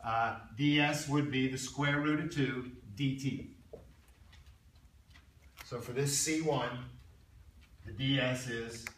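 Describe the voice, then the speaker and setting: A man's voice: medium pitch, fairly even intonation, takes it slowly, long pauses, a bit bright. Man lecturing in an echoey classroom. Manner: conversational, repeats himself, quizzes students. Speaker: math instructor. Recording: roomy, distant classroom recording with faint noise.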